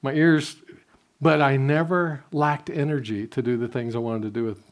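An older man preaches in an easy, conversational way. He tells his stories directly to the congregation. His voice falls soft and low whenever he quotes his own prayers. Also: steady tone, moderate pace. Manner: conversational storytelling, drops softly when quoting prayers. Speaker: pastor. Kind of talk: sermon.

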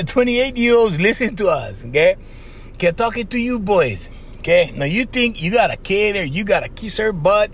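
A man hosting a podcast, giving casual advice in an animated monologue, laughing often and acting out little voices. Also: high-pitched, a little hiss or hum. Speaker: podcast host.

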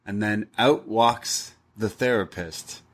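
A man, co-hosting a casual review podcast and retelling scenes with lively acted-out quotes. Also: on the low side, slow. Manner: animated storytelling, acts out quotes. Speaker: podcast co-host.

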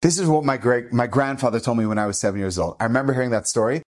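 A man telling a family story as an inspirational talk, animated and emphatic, acting out the people in it. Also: medium pitch, racing. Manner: animated, acts out the people in his stories; emphatic, punches key phrases. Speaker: inspirational speaker.

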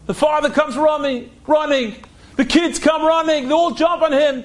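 A man's voice: very high-pitched, moderate pace. A man telling an inspirational story dramatically, acting out the dialogue and repeating phrases for effect.

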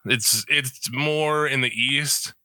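Bright-voiced profane Midwestern guy. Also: mid-range voice, takes it slowly, no room sound, poor audio. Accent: Upper Midwest American. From Upper Midwest United States. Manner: profane, laughing often. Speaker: podcast host. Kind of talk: casual chat.

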